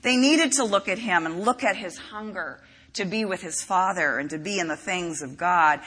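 A woman's voice: on the low side, normal speed, a bit bright, slightly rough. A woman preaching a sermon in a conversational, storytelling way with frequent asides, recorded in a large hall. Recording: reverberant hall.

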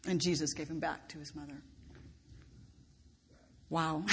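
A woman pastor preaching a sermon, expressive and emphatic, lifting her voice on key words. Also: lowish voice, measured pace, long pauses. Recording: long reverb of a large hall, faint background noise.

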